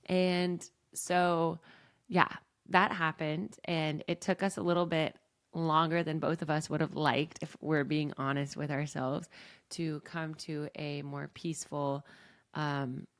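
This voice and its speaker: A woman's voice: deep voice, level tone, takes it slowly, no room sound, clean studio sound. A woman podcast host and coach, talking candidly and reflectively about her own experiences in a personal monologue.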